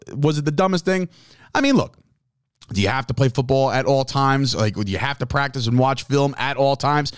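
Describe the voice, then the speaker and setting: A man in his thirties hosting a podcast, telling a story in an excitable, rambling way and often correcting himself. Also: mid-range voice, dry recording, clean studio sound. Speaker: podcast host. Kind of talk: casual monologue. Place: lives in New Jersey.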